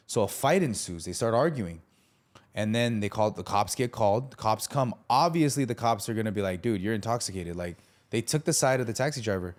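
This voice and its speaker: A man's voice: mid-range voice, darkish tone. A man hosting a faith podcast, telling a story animatedly and acting out the people in it. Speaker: podcast host. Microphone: studio podcast mic.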